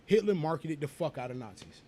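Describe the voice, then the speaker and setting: A man, co-hosting a casual podcast in a rambling, animated and profane way, always going off on tangents. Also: on the high side, fairly quick. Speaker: podcast co-host.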